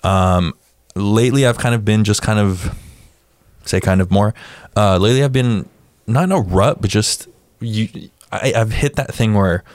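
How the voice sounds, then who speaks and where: Male podcast host, low voice, dry close recording, easygoing and wry. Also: moderate pace, darkish tone, dry recording. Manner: laid-back, self-mocking, acts out quotes. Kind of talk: casual chat.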